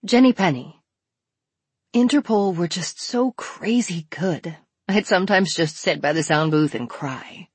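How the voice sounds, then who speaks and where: A woman with a lowish, husky voice reads quotes for an oral history audiobook. She names each speaker, then speaks in a candid, conversational way. The recording is dry and close. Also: lively intonation, measured pace, no room sound. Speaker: audiobook reader.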